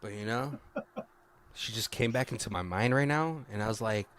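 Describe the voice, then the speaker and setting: A man's voice: fairly low pitch, normal speed, a bit bright, smooth. A man co-hosting a casual movie review podcast, swearing freely and laughing as he retells scenes. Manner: profane, laughing, retells scenes doing quoted lines. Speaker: podcast co-host.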